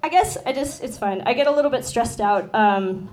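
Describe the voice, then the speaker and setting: A woman's voice: on the high side, lively intonation, moderate pace, a little mellow. A young woman performing a rambling, self-deprecating stand-up set with lots of ums and giggles. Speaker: stand-up comedian. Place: club stage with audience.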